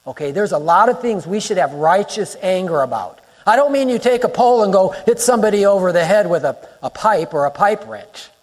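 A male pastor delivers a fervent sermon in a high, lifted voice. He hammers his points home with repeated phrases and swells toward shouting. His words ring out with a long reverb through the church sanctuary. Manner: emphatic, rising to near-shouts, repeats phrases for effect.

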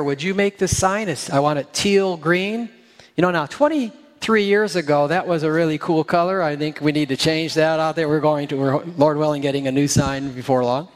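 A middle-aged man preaches to his congregation in a folksy, joking manner, his voice sitting a little high for a man. The sound carries a long reverb, as if from a large sanctuary. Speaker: pastor. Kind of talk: sermon.

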